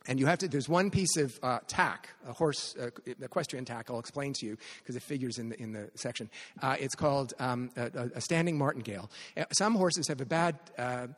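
Canadian male novelist, mid-pitch, halting delivery full of restarts, live reading in a hall with a long echo. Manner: hesitant, many restarts and fillers. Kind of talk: live author talk at a literary event. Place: venue at a literary festival.

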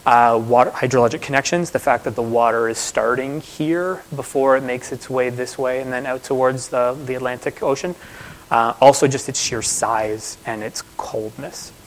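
A man's voice: mid-range voice, rough recording. A man from Toronto, an author giving a conversational presentation with slides, full of asides and fillers. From Toronto, Canada.

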